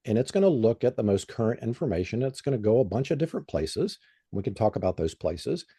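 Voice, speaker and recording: A man's voice: on the low side, big pitch swings, fast talker, dark tone, husky, no room sound, studio quality. A man who is a guest on an interview show, explaining in a plain, conversational way with frequent "um" and "you know.". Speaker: guest expert.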